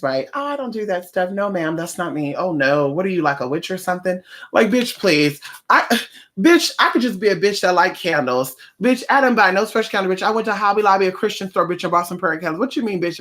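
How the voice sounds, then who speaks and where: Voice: medium pitch, fairly bright tone. A vlogger who works as a spiritual practitioner, chatting casually from home in a sassy, profane, rambling way. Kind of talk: casual vlog chat. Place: home, indoors.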